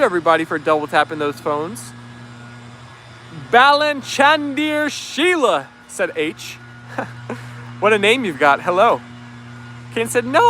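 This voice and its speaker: A man's voice: high voice, pushed and bright, a little hiss or hum. A man hosting a dog livestream outdoors, reading viewer comments aloud in an upbeat, easygoing way. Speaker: livestream host. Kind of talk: live chat reading.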